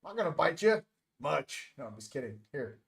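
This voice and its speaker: Joking, rambling man with a higher voice. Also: sing-song, fairly quick, creaky, fairly bright tone, breathy edge. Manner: joking, rambling, self-interrupting. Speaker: host. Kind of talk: casual morning livestream chat.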